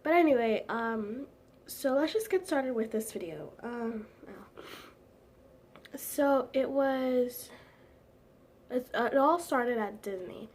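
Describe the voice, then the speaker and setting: A woman's voice: on the high side, lively intonation, slow, pauses often, darkish tone. A teenage girl chatting casually to camera at home, rambling with lots of "like" fillers and giggles. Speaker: vlogger.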